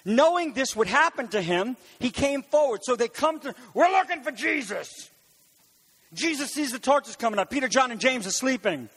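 A man preaching a sermon in an animated way, rising to shouts on key words and making quick asides to his congregation. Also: extremely high pitch, husky. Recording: long hall reverb.

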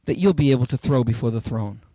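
A male pastor preaching a sermon in an emphatic, repeating way that climbs to near-shouts on key phrases. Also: medium pitch, lively intonation, fast, no echo. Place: church.

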